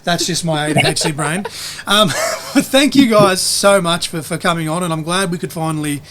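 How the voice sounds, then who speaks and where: A man's voice: a little high, normal speed, fairly bright tone, slight background noise. An Australian man co-hosting a podcast, chatting casually, rambling and repeating himself with casual swearing. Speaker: podcast co-host. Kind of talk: casual chat. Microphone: podcast mic.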